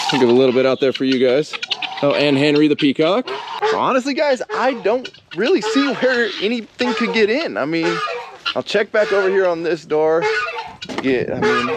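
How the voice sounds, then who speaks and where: A man's voice: fairly high pitch, expressive, normal speed. Chatty man on a noisy farm. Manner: chatty, talks to his animals in a playful voice. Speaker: farm vlogger. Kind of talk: casual vlog chat. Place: outdoors on a farm with animals. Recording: loud background noise with farm animals.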